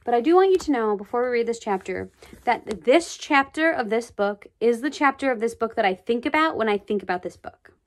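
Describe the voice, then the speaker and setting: Storybook reader: woman, animated and expressive, fairly high voice, chatty asides. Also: a little fast. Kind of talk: reading a children's book aloud.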